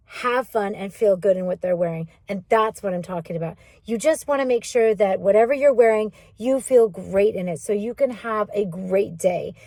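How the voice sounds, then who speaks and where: A woman's voice: a little high, darkish tone. A woman hosting her own channel, telling a personal story casually and acting out both sides of the remembered conversations. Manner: chatty, acts out both sides of remembered dialogue. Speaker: channel host.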